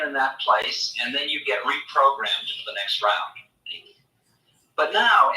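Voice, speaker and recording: Bright-voiced man lecturing in an echoey room. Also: a little high. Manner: animated storytelling, acting out imagined voices. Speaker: spiritual teacher. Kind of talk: spiritual lecture. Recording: echoey room, mic far off.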